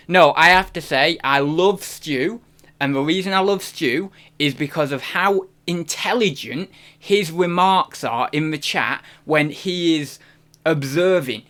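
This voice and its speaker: A man's voice: on the high side, a bit bright. A man hosting a live stream, chatting casually in a rambling, self-deprecating way. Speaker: reselling streamer host.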